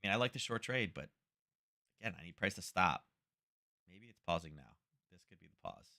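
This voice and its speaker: A man hosts a casual live trading stream, offering market commentary as he thinks aloud, ending points with "right?" and greeting viewers by name. His low voice is animated, brisk, and sharp.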